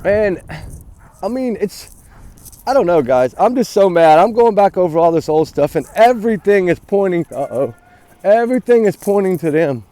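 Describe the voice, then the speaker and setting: A man's voice: a little high, animated, moderate pace, dark tone, no room sound. A man vlogging outdoors on a cold morning, ranting heatedly with swearing and rambling, breaking off to call and scold his dog. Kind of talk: angry ranting vlog.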